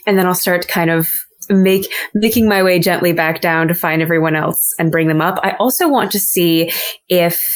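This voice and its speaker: A woman playing a tabletop game, friendly and polite in a chatty way. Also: on the low side. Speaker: player.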